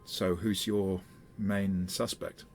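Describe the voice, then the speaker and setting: Sleazy bargaining newspaper editor, man playing him, put-on accent, very low voice, tabletop role-play. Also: level tone, slow pace, soft background music.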